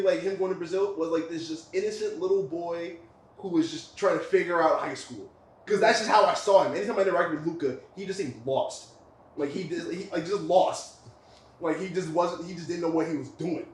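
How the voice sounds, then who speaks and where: A man's voice: high voice, normal speed, far from the mic. A young man co-hosting a casual podcast, laid-back and slangy, filling his talk with "like". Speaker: podcast co-host. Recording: echoey room, a bit off-mic.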